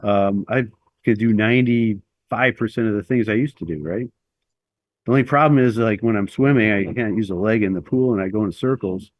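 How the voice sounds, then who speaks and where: A man's voice: on the low side, a little fast, no echo, dull audio. A middle-aged man telling a long personal story as an interview guest, rambling and self-deprecating with lots of fillers.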